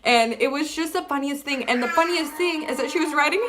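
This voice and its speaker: A young woman telling a personal story to camera in casual chat, animated and full of "like", acting out what people said. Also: sits high, a little fast, noisy background. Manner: animated, fillers like "like" throughout, acts out quotes. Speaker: vlogger.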